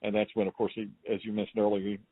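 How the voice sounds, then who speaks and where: A man's voice: lowish voice, completely flat delivery, very fast, dry recording. A man hosting a casual interview, reminiscing along and nodding his guest on. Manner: short nods, chatty reminiscing. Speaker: interviewer, host. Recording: tinny dry phone line.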